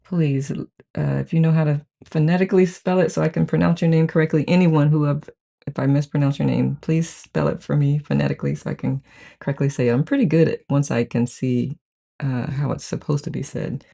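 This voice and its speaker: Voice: medium pitch, fairly even intonation, brisk, creaky, dark tone. A host chatting casually on a live stream, greeting each viewer by name and reading the chat aloud with gushing enthusiasm. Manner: chatty, gushing, frequent "I love it". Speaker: host of a live book-study group.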